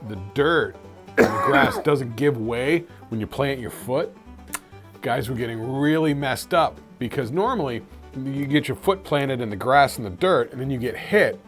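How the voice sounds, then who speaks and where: A man's voice: medium pitch, animated, normal speed, faint music behind. A man co-hosting a podcast, chatting casually and explaining things at length. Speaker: podcast co-host. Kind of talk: casual banter.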